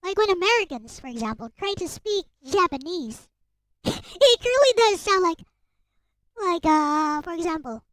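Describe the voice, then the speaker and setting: A woman's voice: very high voice, animated, measured pace, a bit bright, no echo. A young adult woman from the Philippines, giggling often as she chats casually on a stream. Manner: giggly, chatty. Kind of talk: casual chat.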